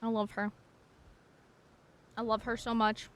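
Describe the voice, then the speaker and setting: A woman's voice: on the high side, monotone, measured pace. A woman streamer chatting casually and playfully, gushing about her dog and swearing now and then. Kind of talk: casual live-stream chat.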